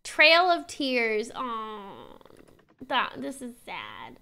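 Giggly high-voiced Texan woman streamer. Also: big pitch swings, very slow, vocal fry, sharp tone. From Texas. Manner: giggly, reads on-screen text aloud with stumbles. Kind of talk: casual game-stream commentary.

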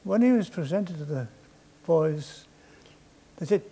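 A man's voice: fairly high pitch, animated, measured pace, long pauses, dark tone, breathy edge. An older man, a comedian, telling comic stories on stage with a dry, drawling delivery. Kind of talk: anecdotal storytelling on stage. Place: stage before a live audience.

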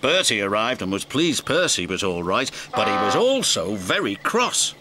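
A man's voice: lowish voice, normal speed, background noise. A man narrating a children's story in a scripted, storytelling way. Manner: warm storybook telling, lively and expressive. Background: background music.

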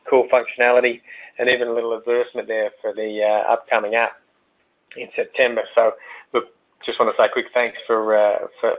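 An Australian man hosts a webinar question session in a chatty, hesitant way, full of fillers and repeated words. His voice comes through a tinny, phone-like line. His pitch sits in a middle range. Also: slight background noise. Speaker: webinar host. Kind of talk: hosting a webinar Q&A.

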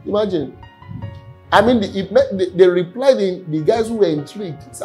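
Male pastor, earnest sermon, slightly high voice, faint music behind. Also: expressive, normal speed, warm tone, rough recording. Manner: earnest, repeats words, chuckles. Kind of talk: sermon teaching.

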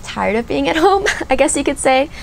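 Over a noisy background, a woman in her thirties with a high-sitting, lively voice and vocal fry chats at a moderate pace while applying makeup. It's a casual get-ready-with-me vlog, and she gushes and rambles with plenty of fillers.

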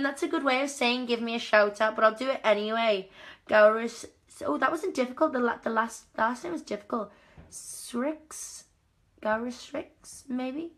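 A young woman talks casually to her fans on a live stream, reading out their comments. She is chatty and playful, stumbling over a few restarts, and her voice sits a little high. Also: fairly bright tone. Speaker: actress doing a live chat with fans.

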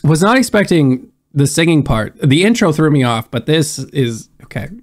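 A young man with a stuffed-up nose, hosting a casual music reaction with excitable, musing commentary. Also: on the high side, normal speed, a little hiss or hum. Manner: excitable, laughs often, muses aloud. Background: faint music.

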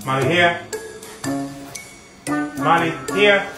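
A woman calling for her pet dog over and over, with drawn-out calls. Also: fairly low pitch, music in the background. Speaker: pet owner.

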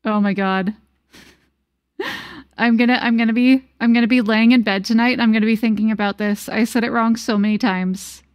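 A woman streamer chatting casually with her viewers during a gameplay livestream, bubbly and quick to giggle. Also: on the high side, steady tone, dry recording, clean studio sound. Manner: bubbly, giggly, talks to chat.

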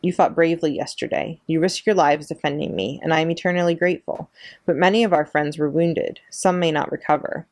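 A gentle, battered female robot from a storybook, speaking in a measured, earnest tone, as a woman reads her part aloud. The voice sits low with a gravelly edge, and the sound is close and dry. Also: steady tone, no echo. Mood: calm, earnest.

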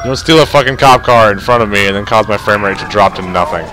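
A young man giving let's play commentary, tired but excitable, swearing often over loud game audio. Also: lowish voice, fast talker. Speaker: gamer. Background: loud game sirens and traffic.

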